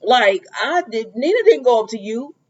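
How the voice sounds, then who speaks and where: A woman's voice: a little high, moderate pace, breathy edge. Woman chatting through a lo-fi soap recap. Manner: animated, acts out characters' lines, trails off with "or whatever". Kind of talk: casual chatty episode recap.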